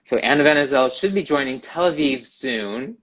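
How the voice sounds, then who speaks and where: A middle-aged man co-hosting a casual live-stream chat, speaking haltingly with many fillers and restarts. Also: mid-range voice, expressive, a bit bright, lo-fi sound. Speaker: co-host, contortionist. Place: home, Tel Aviv. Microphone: live video stream.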